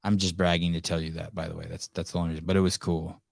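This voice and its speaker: A deep-voiced man hosts a live call-in podcast in loose, casual chat. He rambles, swears freely and restarts his sentences often. The sound is close and dry, with no room around it. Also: level tone, very fast, vocal fry, darkish tone, no room sound. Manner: rambling, profane, many restarts and fillers. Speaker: podcast host.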